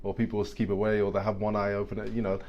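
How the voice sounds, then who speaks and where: A man's voice: lowish voice, flat delivery, lo-fi sound. A man reflecting in casual podcast chat, thoughtful and talkative. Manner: reflective, chatty, fast. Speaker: podcast co-host.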